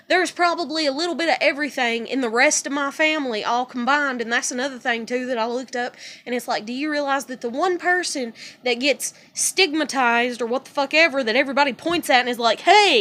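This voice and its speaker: A woman's voice: sits high, a bit bright. A woman ranting in a personal vlog, blunt, profane and passionate, rambling from one point to the next. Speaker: vlogger.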